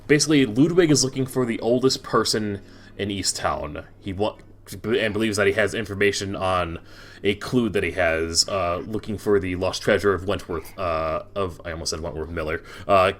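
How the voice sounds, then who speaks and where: A man's voice: on the low side, moderate pace, fairly bright tone. A young man narrating a tabletop game as game master, rambling with many restarts and fillers.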